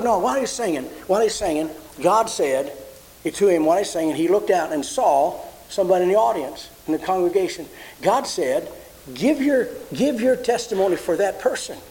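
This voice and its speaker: A pastor in the pulpit tells a story in a high voice. He talks in a homespun way, circling back and restarting his phrases as he goes, with a faint hiss behind him. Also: animated, brisk, a little mellow, rough recording. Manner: folksy, repeats and restarts phrases. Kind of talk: sermon storytelling.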